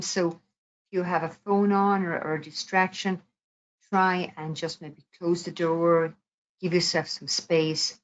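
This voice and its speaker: A woman teaching mindfulness, explaining calmly and gently with soft pauses before leading a meditation. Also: low voice, dull audio. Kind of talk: guided mindfulness talk.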